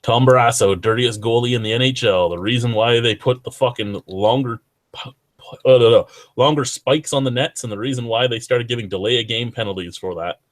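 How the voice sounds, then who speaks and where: A man's voice: mid-range voice, a little fast, no room sound. A young man hosting a podcast, rambling and swearing freely in casual chat. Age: young adult. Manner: profane, rambling hockey banter. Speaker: podcast host.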